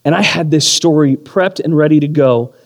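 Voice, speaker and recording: A man in his thirties preaching a sermon, telling a story with animated, self-deprecating humor. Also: fairly high pitch, moderate pace. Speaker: pastor. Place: church or community hall. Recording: long hall reverb.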